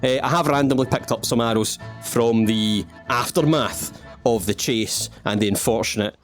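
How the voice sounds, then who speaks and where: A Scottish man hosting a gaming channel plays through a let's-play at normal speed, his voice mid-range, with faint music behind him. His commentary is playful and rambling, packed with jokes at his own expense and asides to viewers.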